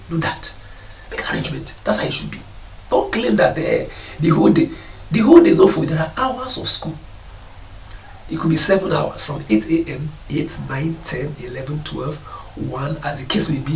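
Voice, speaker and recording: A man's voice: a little high, a bit bright, slight background noise. A man giving a preaching talk to parents about responsibility, scolding them and mocking their excuses. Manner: scolding, mocks parents in put-on voices. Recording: echoey room, voice from a distance.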